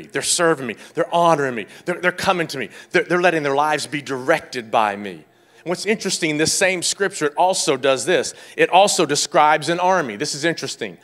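A male pastor preaching a sermon with fervent energy, rising to loud exclamations and dropping to quiet explanation. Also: fairly high pitch.

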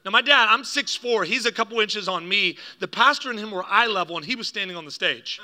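A man preaching a sermon to a congregation, telling a family story with lively acted-out quotes and laughter at his own jokes. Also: high voice, brisk, hardly any pauses. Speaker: pastor.

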